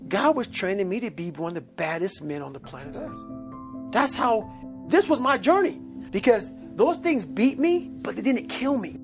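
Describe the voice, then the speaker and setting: A man giving a personal motivational talk in a dramatic voice that swings between quiet and loud. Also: high voice, very animated, moderate pace. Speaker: motivational speaker. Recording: music underneath.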